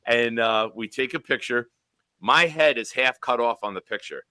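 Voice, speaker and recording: A man in his forties, a show host telling a profane, animated sports story with quoted dialogue. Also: medium pitch, normal speed, smooth, dry recording.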